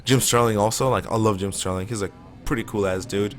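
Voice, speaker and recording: A man's voice: on the low side, steady tone, brisk. A man streaming a shooter game live, rambling and opinionated as he plays. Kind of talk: casual live gameplay commentary.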